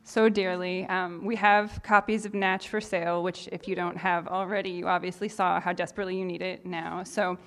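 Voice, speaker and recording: A woman hosting a poetry reading, thanking the poet and introducing the next reader in a quick, effusive way. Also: lowish voice, little pitch movement, a bit bright. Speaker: reading series host. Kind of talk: live event introduction.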